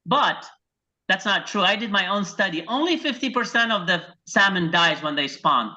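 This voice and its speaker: A man from Iraq doing a stand-up set over a video call, telling deadpan one-liners and acting out his wife and his dog. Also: sits high, moderate pace. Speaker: stand-up comedian. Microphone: video call microphone. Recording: dull lo-fi video call audio.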